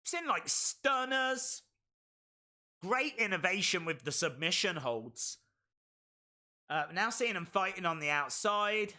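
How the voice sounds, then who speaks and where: Excitable man calling wrestling. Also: sits high, slow, pauses often. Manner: excitable play-by-play, bursts into shouts. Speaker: wrestling stream host. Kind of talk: live reaction commentary.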